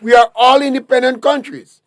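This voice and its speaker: A man's voice: extremely high pitch, fairly even intonation, fairly quick, dry recording, clean studio sound. A man with a Grenadian accent, a talk show guest, lecturing emphatically with rhetorical questions. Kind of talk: political talk show discussion.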